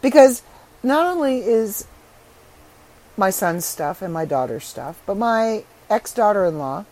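Middle-aged woman podcasting solo, stuffed-up rough voice, chatty and rambling, kinda blunt. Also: mid-range voice, expressive, a little slow, darkish tone, poor audio. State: congested, rough-voiced from allergies. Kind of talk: casual solo chat.

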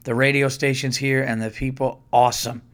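A man's voice: medium pitch, brisk. A man hosting a podcast, telling a story in casual monologue, acting out other people's lines and swearing freely. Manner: swears freely, repeats words when excited. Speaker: podcast host.

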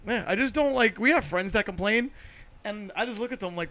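A man's voice: sits high, animated, a little fast, pushed and bright. A man co-hosting a podcast in casual chat, blunt and profane, ranting about what he can't stand. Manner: blunt, profane, opinionated rants. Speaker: podcast co-host.

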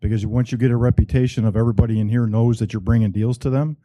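A middle-aged man, a real estate broker, pitching his services at a meetup in a plainspoken way, often correcting himself. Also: fairly even intonation, fast, warm tone, dry recording. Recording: dull lo-fi room audio.

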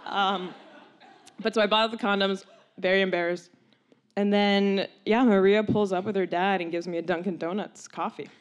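A young woman telling a long personal story, animated and laughing often, with many "like"s and quoted voices. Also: medium pitch, normal speed, smooth.

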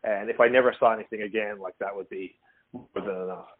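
A man's voice: lowish voice, quick pace. Male guest from Newfoundland, anecdotal storyteller, thin phone-line sound. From Newfoundland, Canada. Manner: animated anecdote teller who acts out quotes. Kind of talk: casual storytelling chat. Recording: phone-like narrow audio.

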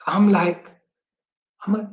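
A man's voice: high-pitched, takes it slowly. A man with a British accent, a monk telling stories as a guest in a casual interview, with many fillers. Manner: animated storyteller with many fillers and laughs. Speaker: guest, monk and book distributor. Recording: echoey room.

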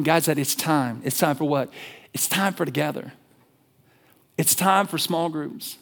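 A male pastor preaching a sermon in an animated, conversational storytelling way. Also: a little high.

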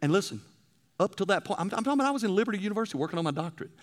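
A male preacher delivering a sermon, telling stories and swinging between loud emphasis and hushed passages. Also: high voice, sing-song, very fast.

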